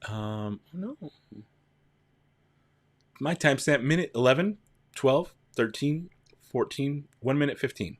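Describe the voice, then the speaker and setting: A man's voice: mid-range voice, lively intonation, moderate pace, no echo. A man hosting a casual livestream, chatting with viewers, greeting them by name and counting down. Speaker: livestream host.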